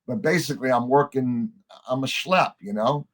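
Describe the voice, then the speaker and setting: A man talks at a medium pitch. He tells long stories on a podcast, chatty and animated, and he jumps into quoted voices as he goes. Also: normal speed. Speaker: podcast guest. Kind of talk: conversational storytelling.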